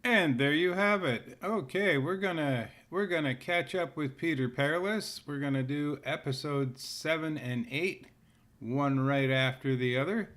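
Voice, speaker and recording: A man hosting a live stream in relaxed, chuckling casual chat. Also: fairly high pitch, measured pace. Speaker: host.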